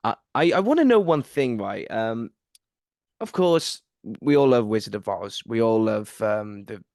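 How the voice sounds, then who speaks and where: Halting male podcast host, dry sound. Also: on the low side, expressive, vocal fry, a little mellow, no echo. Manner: halting, with many fillers and restarts. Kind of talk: interview question.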